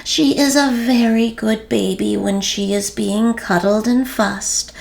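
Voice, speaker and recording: A woman voicing a kind, gentle young mother who speaks softly and fondly about her new baby in a storybook. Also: on the high side, fairly even intonation, slow pace, creaky, voice pushed up.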